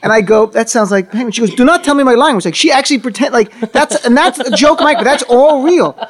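A man in casual conversation, telling animated stories and acting out the people in them. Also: extremely high pitch, fairly quick. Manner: animated storyteller, acts out quotes. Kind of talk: casual chat.

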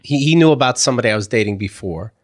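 Wry, relaxed chat voice. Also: medium pitch, very fast. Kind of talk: casual chat.

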